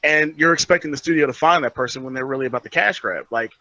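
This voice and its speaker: A man's voice: mid-range voice, quick pace, bright, forceful tone. A man co-hosting a podcast, arguing his point in casual chat. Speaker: podcast co-host. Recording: dull lo-fi recording.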